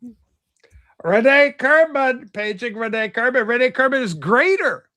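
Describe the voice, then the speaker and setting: A man's voice: very high-pitched, expressive, unhurried, pushed and bright. A man hosting a casual livestream chat, teasing and exclaiming as he talks. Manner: exclaims "holy smokes", teasing. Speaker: livestream host. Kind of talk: casual banter.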